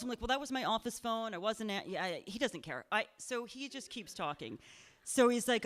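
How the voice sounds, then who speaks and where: A woman's voice: on the high side, big pitch swings, moderate pace, fairly bright tone. Chatty woman telling a live story. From Pennsylvania. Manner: chatty, self-deprecating, laughing often, full of "like" and "um". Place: live show in a cultural center.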